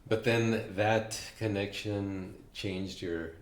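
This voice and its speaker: A man's voice: lowish voice, fairly even intonation, takes it slowly, echoey room. A man hosting an interview, prompting his guest with short questions and encouraging remarks.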